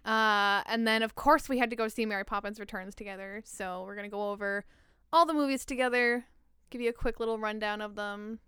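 A woman in her twenties co-hosting a casual podcast, animated, laughing and swearing often. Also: mid-range voice, a little fast, clear, resonant tone, dry recording, studio quality. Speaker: podcast co-host. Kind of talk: casual chat.

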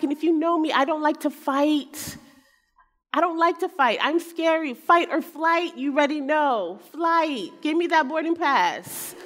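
A woman preacher telling a personal story in a sermon, animated and self-mocking, acting out the people in it. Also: high-pitched. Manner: animated, acts out quotes, self-mocking humor. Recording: long hall reverb.

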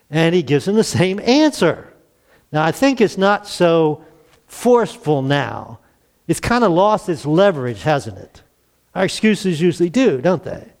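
A man's voice: fairly high pitch, big pitch swings, measured pace, gravelly, a little mellow. A man in his sixties preaching a conversational sermon, acting out the dialogue and chuckling now and then.

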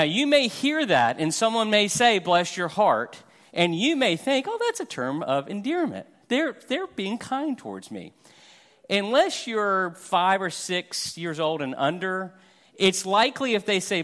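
A man's voice: fairly high pitch, fairly bright tone. A middle-aged man from Florida preaching a sermon as a guest pastor, conversational and self-deprecating, acting out everyday examples with humor.

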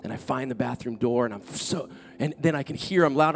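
A man's voice: mid-range voice, fairly quick, gravelly. Earnest male pastor telling a story. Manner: earnest, animated storytelling that builds in intensity. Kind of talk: sermon with personal story.

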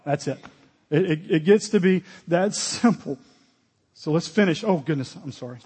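A man's voice: a little high, animated, moderate pace, darkish tone, breathy edge, big-room sound. A man preaching a sermon as pastor, earnest and direct, with sudden emphatic exclamations.

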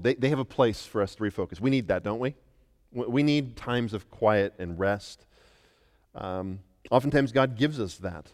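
Middle-aged American pastor, emphatic sermon delivery, mid-pitched voice, heard with a long echo in a church hall. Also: male voice. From United States. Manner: emphatic preaching, swings from soft to loud. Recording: long reverb of a large hall.

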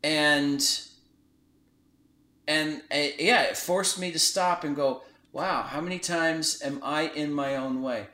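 This man's voice is on the high side and slow, captured in an echoey space. Hosting a podcast, he animatedly recounts a story in relaxed conversation, acting out what people said.

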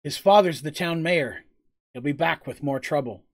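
Man voicing a gruff, wry male companion in a tabletop game. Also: fairly high pitch, normal speed, dry recording, studio quality. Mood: wry warning.

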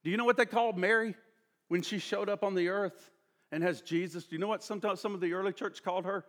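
A middle-aged male pastor preaching a sermon, swinging between loud emphatic passages and hushed near-whispers, drawing out key words for weight. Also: sits high, fairly even intonation, quick pace.

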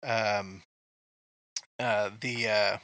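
A man's voice: fairly low pitch, steady tone, extremely slow, sharp tone, clear, resonant tone, no room sound. A man from Kansas co-hosting a casual movie chat, telling rambling stories with many ums. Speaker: podcast co-host.

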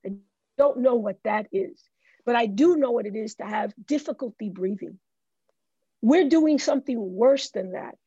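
A woman from the Bronx, speaking as a guest in an interview with a preaching cadence, slowing into emphatic drawn-out phrases. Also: a little high, dark tone, breathy edge, no room sound. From the Bronx, New York. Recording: dull lo-fi dry sound.

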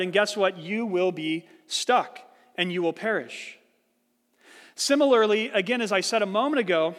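A man with a high, light voice preaches a sermon, telling a story and voicing its people before explaining the point with earnest care. The sound carries a long reverb, as in a large hall. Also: a bit bright. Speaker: pastor.

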